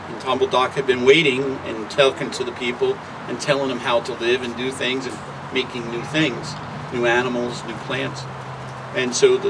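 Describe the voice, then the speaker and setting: A man telling a traditional creation story at an unhurried, conversational pace, with occasional filler words, outdoors. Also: mid-range voice. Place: outdoors near traffic. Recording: distant mic with loud traffic noise.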